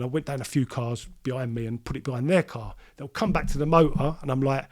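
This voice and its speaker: A man's voice: mid-range voice, quick pace, hardly any pauses, a little mellow. A middle-aged man tells his story in a casual interview. He keeps restarting his sentences and repeating himself, and he acts out what others said as he goes. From London. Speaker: interview guest.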